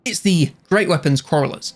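A man's voice: fairly high pitch, moderate pace, faint music behind. A man giving casual, jokey video game commentary, rambling and correcting himself along the way.

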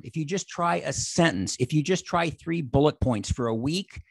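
A man in his sixties giving an energetic motivational talk on a video call, acting out the exchanges he describes. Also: fairly high pitch, normal speed, creaky, no echo. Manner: animated, acts out quoted exchanges. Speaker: motivational speaker.

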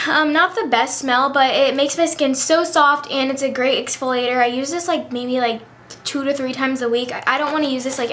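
A woman's voice: high voice, a bit bright, a little hiss or hum. A teenage girl chatting in a bubbly way about her favorite beauty products, full of fillers. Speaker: beauty vlogger. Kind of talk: casual chat.

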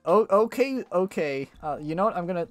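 A man's voice: high voice, lively intonation, brisk, no echo. A young man streaming a racing game with friends, chatting casually and laughing often. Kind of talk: casual gaming chat with friends. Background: game music.

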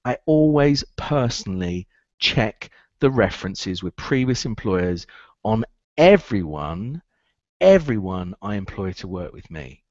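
A man's voice: on the low side, big pitch swings, unhurried, darkish tone, no room sound, lo-fi sound. A man giving a recruitment training talk, emphatic and repetitive, driving points home.

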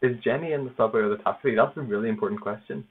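A man casually narrating his own language practice, halting over foreign words and laughing at himself. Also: medium pitch, crowd noise. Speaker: language learner. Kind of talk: casual self-narrated study session. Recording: tinny phone-like noisy recording.

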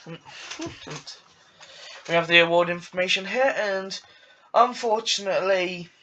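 A man's voice: high-pitched, unhurried, sharp tone, distant mic, dull audio. A man hosting a let's play, rambling and stumbling over words while he races, with a cough. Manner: rambling, stammers and repeats. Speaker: gaming channel host.

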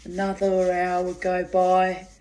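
A woman's voice: on the low side, slow pace, slight background noise. Laughing, swearing woman storyteller. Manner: lively, laughs while telling, swears freely. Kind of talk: casual personal storytelling.

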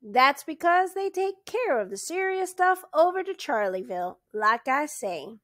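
A woman's voice: high-pitched, very animated, measured pace, fairly bright tone, dry recording, clean studio sound, pitched above the performer's own voice, heavily acted. A woman voicing a chatty, suspicious rural male constable with a folksy drawl. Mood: folksy grumbling.

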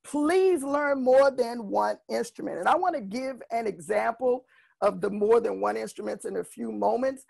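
A middle-aged woman teaches singers in an animated workshop talk, slipping into the voices of students and parents as she tells her stories. Her voice is gravelly and husky, and sits a little high for a woman. It is recorded close and dry, with no room sound. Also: moderate pace, no echo. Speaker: vocal music educator.

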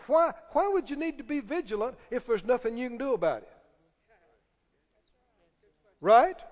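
A man's voice: very high-pitched, animated, brisk, hardly any pauses, darkish tone, long reverb tail. A man preaching a sermon, emphatic and firing questions at the congregation. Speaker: pastor.

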